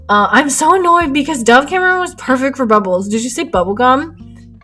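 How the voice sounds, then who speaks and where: A young woman streaming her painting and chatting with viewers in an excitable, rambling way, laughing often. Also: sits high, a little fast. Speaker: art streamer. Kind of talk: casual chat while painting live. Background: faint lo-fi music.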